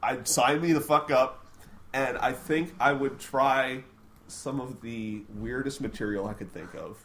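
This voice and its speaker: A man's voice: medium pitch, measured pace, fairly bright tone. A man hosting a podcast in casual chat, bantering playfully and joking with his guest.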